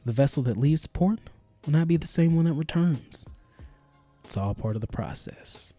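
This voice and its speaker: A man voicing a mock-solemn sage who recites proverbs slowly and gravely. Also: a little high, lively intonation, dark tone, no room sound, soft background music. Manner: slow, grave, drawn-out delivery.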